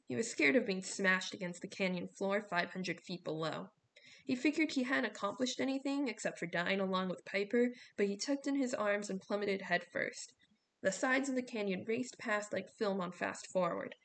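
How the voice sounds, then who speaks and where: Gravelly woman reading a novel. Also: medium pitch, normal speed, slight background noise. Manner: steady storytelling with small slips. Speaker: audiobook reader.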